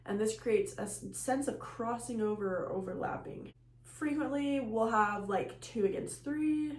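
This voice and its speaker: A woman's voice: a little high, measured pace. A woman giving a recorded music lecture, explaining rhythm terms plainly and counting beats aloud. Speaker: music teacher. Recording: echoey room with faint hum.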